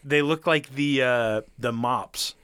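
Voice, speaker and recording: A man riffing on a podcast, crude, profane and fond of spinning absurd little scenarios. His voice is bright and forceful, and it's captured dry on a close mic. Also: medium pitch, slow, clear, resonant tone, no echo. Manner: jokey, profane riffing, spins silly scenarios. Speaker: podcast co-host. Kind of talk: casual podcast chat.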